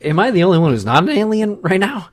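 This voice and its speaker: A male podcast host joking his way through a movie with playful mock panic. His pitch swings widely as he talks. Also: quick pace. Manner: jokey, mock-panicked, animated. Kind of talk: casual movie commentary chat.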